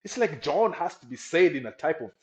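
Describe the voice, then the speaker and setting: A man's voice: a little high, big pitch swings, brisk. A young man from Congo with a Congolese accent, a guest in a casual interview, repeating words as he talks. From Democratic Republic of the Congo. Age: young adult. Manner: repetitive, frequent agreeing "yeah".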